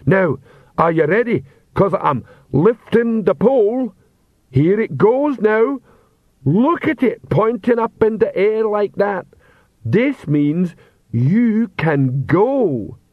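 A big, dim troll guard plods through every word with cheerful earnestness, as a male reader puts him on. The voice sits noticeably higher than the reader's own and comes out loud and slow. It is a dull, dry audiobook recording. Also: lively intonation, no room sound. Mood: plodding cheerful.

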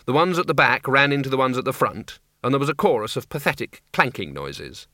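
Man narrating with lively expression. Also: medium pitch, brisk, no room sound, clean studio sound. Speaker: audiobook narrator. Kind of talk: scripted narration.

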